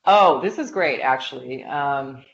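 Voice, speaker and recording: A woman's voice: rumbling low, a little slow, gravelly. A woman executive talking as an interview guest, chatty and full of filler likes as she tells stories. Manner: chatty, many filler likes, lively storytelling. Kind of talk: casual conversational interview. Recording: dull lo-fi podcast audio with faint hiss.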